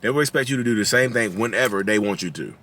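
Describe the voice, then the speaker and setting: Talking casually to his viewers, this thirty-something channel host with a Southern drawl voices quotes loudly and chuckles at his own jokes. His voice sits on the low side, fairly bright, with lively intonation and a quick pace.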